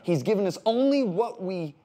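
Older American male preacher, lively and humorous, repeats words for punch, voice a bit high. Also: normal speed. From United States. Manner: animated, repeats words for emphasis, jokey asides. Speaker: pastor. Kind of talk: sermon-style Bible teaching.

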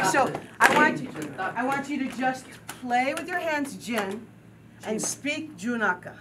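A woman's voice: sits high, lively intonation, slow, loud music behind the voice. A woman teaching a group drum and dance class, counting steps, chanting rhythm syllables and encouraging her students. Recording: distant mic with loud noise.

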